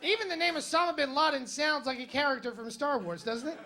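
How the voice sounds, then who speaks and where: A man's voice: extremely high pitch, fast talker, bright, forceful tone, some chatter behind. A male stand-up comedian telling jokes and stories on a comedy club stage in a wry, conversational way, with punchy jokes. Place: comedy club stage in front of a live audience.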